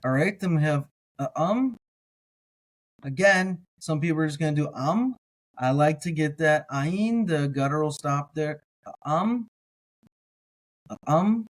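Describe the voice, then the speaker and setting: A man teaching as he reads a text slowly, word by word, repeating each word patiently. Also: a little high, animated. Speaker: biblical language teacher. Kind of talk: slow word-by-word reading lesson.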